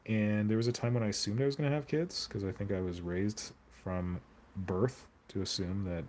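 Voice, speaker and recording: A man's voice: fairly low pitch, steady tone, normal speed, darkish tone. A man chatting casually on a hobby live stream, rambling and joking as he answers viewer comments. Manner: rambling, jokey, answers viewer chat aloud.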